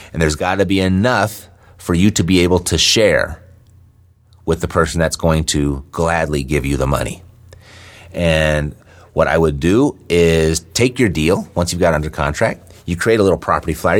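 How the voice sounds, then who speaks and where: A man explaining real estate investing in a relaxed teaching talk, often checking in with "right?". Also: low-pitched. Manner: conversational, checks in with "right?" often, some fillers.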